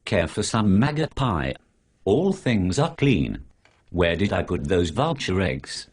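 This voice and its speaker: A sarcastic, preachy male superhero from an animated short, spoken by a computer voice. He is very deep and rough-edged and lectures in long lists. His pitch jumps around a lot. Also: takes it slowly, full character voice. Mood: lecturing. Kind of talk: synthetic animated dialogue.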